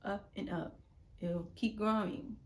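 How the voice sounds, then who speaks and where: A woman's voice: mid-range voice, fairly even intonation, takes it slowly. Rambling young woman vlogger. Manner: rambling, repeats words, drops to a whisper at times. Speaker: YouTuber. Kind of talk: casual self-help monologue.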